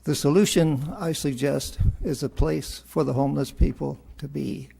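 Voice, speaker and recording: A man with a deeply gravelly, husky voice addressing a city council. His tone is dark and mellow, and he speaks in a formal, measured way. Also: steady tone. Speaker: resident giving public comment. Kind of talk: formal public comment. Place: council chamber.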